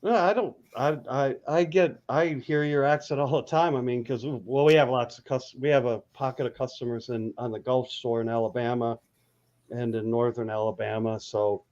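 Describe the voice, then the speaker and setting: A man's voice: mid-range voice, fairly even intonation, moderate pace, a little mellow. Rambling man on a dull, lo-fi recording. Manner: rambling, with many ums and restarts. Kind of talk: casual chat. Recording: dull lo-fi audio.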